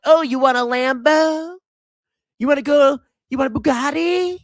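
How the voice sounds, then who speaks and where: The voice belongs to a middle-aged man with a fairly high pitch and a sharp tone, heard in clean studio sound with no echo. He's hosting a finance livestream, reading superchats in casual, sarcastic chat, mocking viewers and putting on silly voices.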